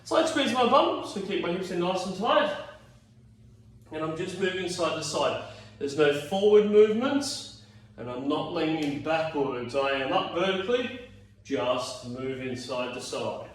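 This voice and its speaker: Echoey, chatty fitness instructor. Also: male voice, fairly high pitch, expressive, unhurried, slight background noise. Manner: encouraging, chatty, counts reps aloud. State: tired, yawning. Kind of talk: home exercise class instruction. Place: home exercise room. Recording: very echoey room, mic at a distance.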